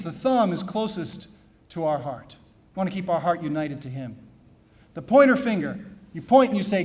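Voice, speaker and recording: Man, priest, conference keynote, high voice, storytelling, soft asides, loud emphatic peaks. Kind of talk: keynote talk at a men's conference. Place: conference hall.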